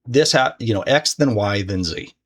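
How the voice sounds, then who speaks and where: A man's voice: lowish voice, expressive, normal speed, a bit bright. A man teaching a recorded course lesson in a casual, conversational way. He swears freely and restarts his sentences often. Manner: speaks directly to the viewer. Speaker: trading course instructor.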